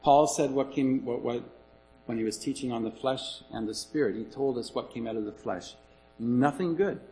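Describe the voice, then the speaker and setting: A man's voice: medium pitch, moderate pace, warm tone, faint music behind, low-quality recording. A man preaching a sermon in an earnest, emphatic way, repeating his key points.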